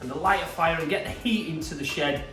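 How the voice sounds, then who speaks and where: A man's voice: a little high, fast, sharp tone. A man with a Yorkshire accent, enthusiastically showing off fresh produce in a casual demonstration. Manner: enthusiastic, gushing about produce. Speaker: produce seller. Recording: echoey room, distant mic, faint music.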